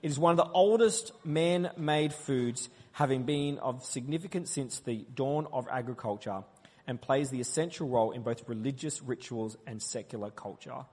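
Playful preacher quizzing the congregation. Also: male voice, mid-range voice, normal speed, husky. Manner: playful, quizzing the crowd, loud call-and-response. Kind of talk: interactive sermon with the congregation. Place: church hall. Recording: long hall reverb.

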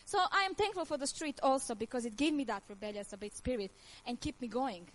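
Fast and animated, a high-voiced woman in her thirties from Croatia gives her faith testimony in earnest, nonnative English. Laughter keeps breaking in as she speaks with feeling on a low-quality recording.

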